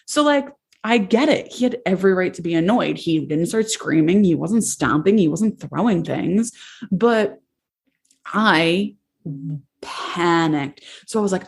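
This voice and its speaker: Candid young woman podcast host, low voice. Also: lively intonation, unhurried, gravelly, darkish tone. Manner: candid, emotional, says "like" often. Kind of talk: personal storytelling on a podcast.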